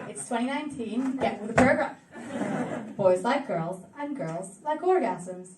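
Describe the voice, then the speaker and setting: A high-pitched young woman with an Argentine Spanish accent works through a stand-up set, delivering deadpan one-liners and laughing at her own jokes. Her voice carries from some distance off the mic in a roomy club. A loud audience laughs and cheers behind her. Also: takes it slowly, long pauses, over a noisy crowd, heavy background noise. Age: 20s. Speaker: stand-up comedian. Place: comedy club stage.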